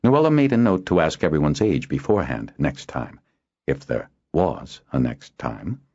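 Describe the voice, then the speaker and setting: A man narrating a fantasy audiobook in a measured, expressive storytelling manner. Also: very deep voice, breathy edge. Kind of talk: scripted narration. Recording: dull lo-fi audio.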